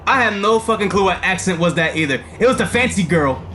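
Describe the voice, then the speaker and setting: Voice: mid-range voice, expressive, quick pace, sharp tone, a little hiss or hum. A game streamer giving casual gameplay commentary, rambling, swearing freely and laughing often.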